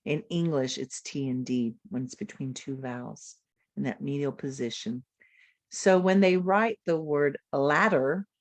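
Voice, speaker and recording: A woman gives a webinar lecture over a video call, her voice sitting slightly low. She models speech sounds aloud slowly and deliberately. The sound is close and dry, with no room echo. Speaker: literacy educator presenting a webinar.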